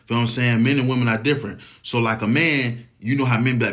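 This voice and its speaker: A man's voice: medium pitch, fairly even intonation, fast, hardly any pauses, fairly bright tone. Man in a rambling, profane monologue. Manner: profane, rambling, keeps asking "you know what I'm saying". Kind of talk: casual opinion monologue.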